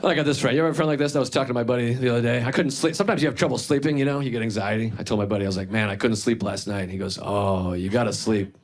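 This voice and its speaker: A man in his forties doing a stand-up set, self-deprecating, deadpan asides mixed with animated impressions of his friends. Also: mid-range voice, rapid-fire, hardly any pauses. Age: 40s. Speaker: stand-up comedian. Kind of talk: stand-up routine. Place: comedy club stage before a live audience. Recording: live club set with a laughing crowd. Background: audience laughter.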